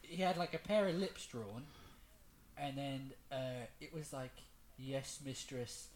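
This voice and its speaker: A tattoo artist telling animated anecdotes in casual podcast chat, acting out quoted customers with lots of laughter and fillers. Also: mid-range voice, unhurried, a little hiss or hum.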